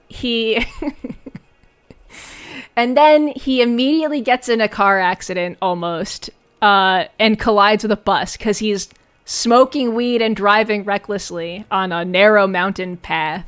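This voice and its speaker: A woman's voice: mid-range voice, fairly bright tone, clean tone. A woman streamer giving a casual, sarcastic and profane recap of a film, often breaking into giggles.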